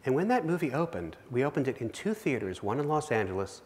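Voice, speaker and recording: A man's voice: medium pitch, sing-song, quick pace, darkish tone. Man telling a story in a reverberant hall. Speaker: keynote speaker. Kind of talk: keynote storytelling speech. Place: large auditorium with live audience. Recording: long reverb of a big hall.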